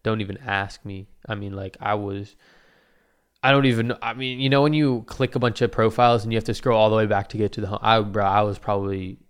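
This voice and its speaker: A man's voice: lowish voice, steady tone, quick pace, clear, resonant tone. A young man telling a story in a rambling, profane and slangy way. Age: young adult. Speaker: vlogger. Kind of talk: casual storytelling.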